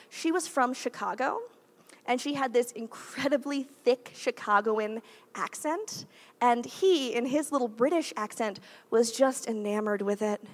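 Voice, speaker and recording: A woman's voice: high-pitched, a bit bright. A woman in her thirties, a guest preacher giving a conversational sermon in a church, with frequent "like" and "right?" asides. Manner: chatty, uses "like" and "right?" often.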